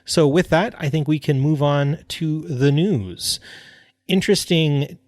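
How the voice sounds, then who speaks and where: Chatty podcast co-host, dry sound. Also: male voice, a little high, a little slow, a little mellow, no room sound. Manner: chatty, with frequent fillers and restarts. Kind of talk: casual podcast chat.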